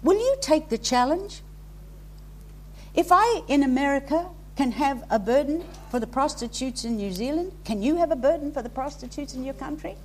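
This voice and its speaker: High-voiced woman preaching fervently. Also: expressive, moderate pace, darkish tone. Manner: impassioned, exhorting, rising to emphatic peaks. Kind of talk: sermon. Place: hall with a congregation.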